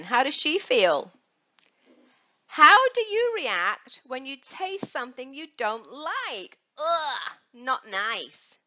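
A woman's voice: high-pitched, bright, forceful tone. A woman teaching young children about dog safety, coaxing answers with questions and playful prompts. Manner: sing-song, coaxing questions to kids. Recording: dull lo-fi recording.

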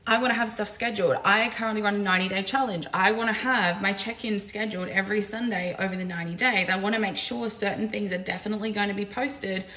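A woman's voice: medium pitch, steady tone, quick pace, hardly any pauses, pushed and bright, poor audio. A woman who coaches businesses, venting in a casual, frank and profane vlog while making coffee at home. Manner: frank, profane, exasperated, chatty. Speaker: business coach and community owner. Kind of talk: casual vlog rant to camera.

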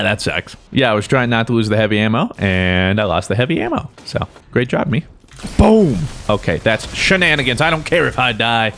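A young man giving excitable, joking gameplay commentary, talking to himself as he plays. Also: fairly low pitch, slight background noise. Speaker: gaming YouTuber.

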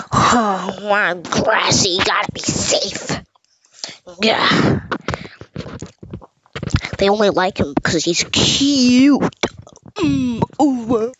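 A woman voicing an excitable, melodramatic hamburger character who gives comic reaction commentary, swinging between squeals and grumbles. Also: mid-range voice, highs cut off, noisy background.

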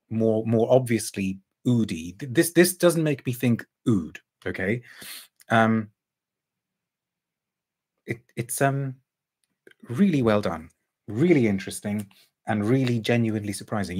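Husky man musing over a perfume. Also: medium pitch. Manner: thoughtful, musing, reads out viewer comments. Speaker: perfume reviewer. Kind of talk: casual live review chat.

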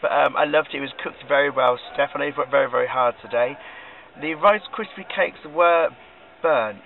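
A man's voice: mid-range voice, normal speed. A man giving an earnest, slightly hesitant review of a dinner to camera. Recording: tinny phone-like camera audio.

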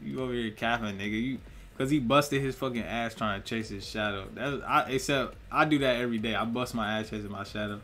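A man's voice: mid-range voice, brisk, sharp tone. A young man, a musician, rambling in a casual monologue, full of cursing, slang and laughter. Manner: profane, laughing, slangy storytelling.

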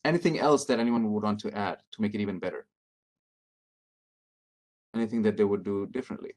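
A middle-aged man leading an interactive training workshop, speaking calmly and encouragingly as he reads out answers from the audience. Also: lowish voice, a little fast, long pauses. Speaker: workshop presenter.

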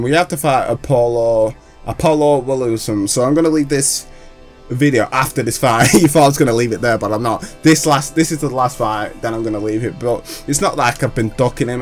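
A man giving hyped, trash-talking gameplay commentary, laughing often. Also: medium pitch. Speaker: gaming channel host.

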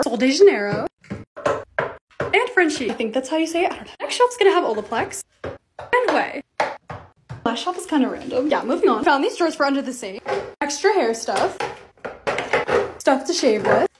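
Bubbly young woman vlogger, high and lively voice, quick casual voice-over. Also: noisy background. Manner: bubbly, chatty, excitable. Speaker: lifestyle vlogger.

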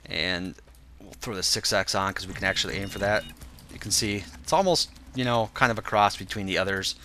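A man's voice: fairly low pitch, a little fast, slight background noise. A young man with a stuffed-up, congested voice, casually talking through a game walkthrough while thinking aloud. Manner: relaxed, thinking aloud with fillers. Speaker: gaming video host. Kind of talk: casual gameplay walkthrough commentary.

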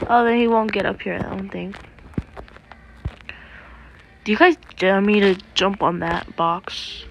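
A woman giving casual gameplay commentary as a video creator, chatty and prone to excited yelling at the game. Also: medium pitch, measured pace, vocal fry, pauses often, a little hiss or hum.

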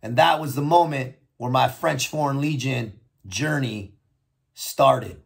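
A man's voice: mid-range voice, slow, vocal fry, slightly rough. An American man telling his own story in a blunt, profane and reflective way. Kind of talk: personal storytelling monologue.

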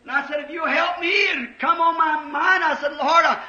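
A man preaches in a very high, bright, piercing voice, swinging from quiet storytelling into fervent shouting. The sound is dull and lo-fi, carrying the roomy echo of an old church recording. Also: steady tone, normal speed. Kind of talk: sermon.

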